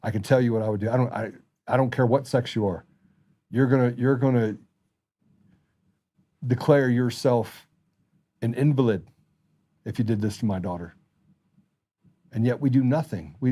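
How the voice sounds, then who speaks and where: Middle-aged male host, mellow dark tone, furious impassioned monologue. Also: mid-range voice, normal speed, pauses often. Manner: angry, impassioned ranting. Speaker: talk show host. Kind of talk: political commentary monologue.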